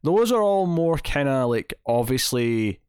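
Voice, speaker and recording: In a clean, slightly mellow voice of medium pitch with big pitch swings, a podcast host talks a little slowly as he enthusiastically and casually recaps a TV episode, restarting often. The recording is dry and studio quality.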